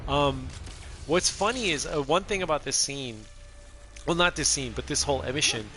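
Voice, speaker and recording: A man's voice: fairly high pitch, lively intonation, normal speed, pushed and bright. A man in his thirties giving casual, rambling commentary while playing a video game, laughing often. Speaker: gameplay streamer.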